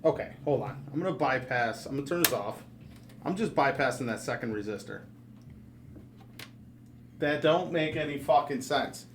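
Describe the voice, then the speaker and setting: At a hobby workbench in a hackerspace workshop, a man learning electronics thinks aloud, swearing freely as he questions how a circuit works. His medium-pitched voice has lively intonation at a normal speed, with long pauses and slight background noise in this casual chat.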